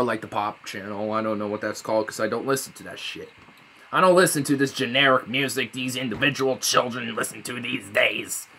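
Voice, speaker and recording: A young man rambling through a casual vlog, swearing a lot, sarcastic and prone to sudden loud high outbursts. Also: a little hiss or hum. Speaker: vlogger.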